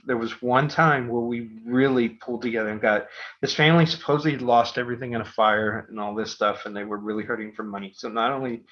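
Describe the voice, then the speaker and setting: A man's voice: medium pitch, fairly bright tone. A middle-aged man hosting a podcast, telling a rambling story full of fillers and restarts. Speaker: podcast host. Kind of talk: casual storytelling. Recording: dull lo-fi podcast audio.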